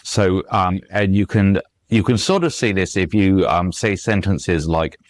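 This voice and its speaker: Interviewed as a guest author on a conversational podcast, a low-pitched man explains at length at a measured pace with few pauses, often using fillers and restarting sentences. He recites lines of verse and taps out their rhythms, with no room sound.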